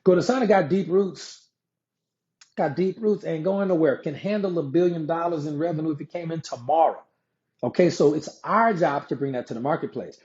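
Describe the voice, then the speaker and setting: A man giving a conversational live-streamed sales pitch, repeating himself and answering viewer comments as he explains a pay plan. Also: normal speed, a little mellow. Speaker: network marketing presenter. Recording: dull lo-fi sound.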